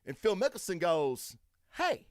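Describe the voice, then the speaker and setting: A man hosting a solo podcast in a casual, profane rant that swings from low mutters to loud, high, emphatic bursts. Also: big pitch swings, moderate pace, no echo, studio quality. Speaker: podcast host.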